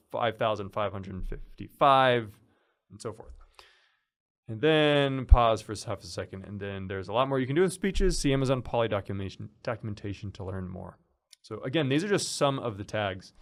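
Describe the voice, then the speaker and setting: A man casually walking through a software tutorial, explaining as he goes with fillers and restarts. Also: fairly low pitch, vocal fry. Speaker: instructor. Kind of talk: screen-recorded software tutorial.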